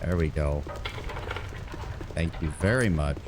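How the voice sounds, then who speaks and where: A man's voice: a bass voice, slow pace, background noise. A man streaming a game, talking through it in a rambling, profane, self-mocking way. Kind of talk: live game commentary.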